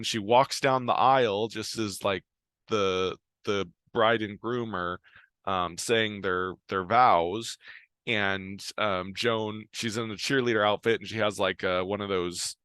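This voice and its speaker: A man's voice: on the low side, slow, bright, forceful tone, clear, resonant tone, no echo. A man retelling a show's plot in a casual, rambling way, full of ums and restarts. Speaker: show recapper.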